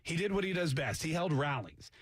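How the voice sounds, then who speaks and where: Husky, high-voiced talk radio host. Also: male voice, animated, brisk, fairly bright tone, no room sound. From Canada. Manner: sarcastic, mocks accents with jokey asides. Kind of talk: casual talk radio monologue. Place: radio studio.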